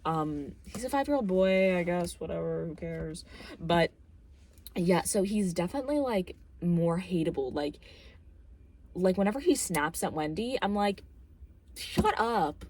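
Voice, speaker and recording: A woman's voice: lowish voice, lively intonation, normal speed, a little mellow. A young woman vlogging, chatting casually about a film and book, rambling with lots of fillers and jokey asides.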